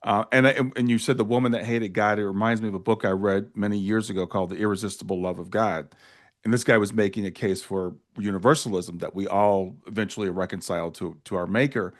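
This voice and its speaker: Brief: low-voiced male podcast host, reflective, paraphrases his guest. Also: steady tone, quick pace. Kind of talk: interview conversation.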